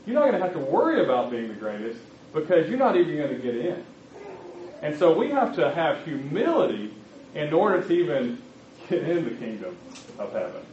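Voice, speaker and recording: Animated preacher with a roomy sound. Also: male voice, on the high side, a little hiss or hum. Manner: conversational, addresses the congregation directly. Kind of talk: sermon. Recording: roomy, slightly muffled recording.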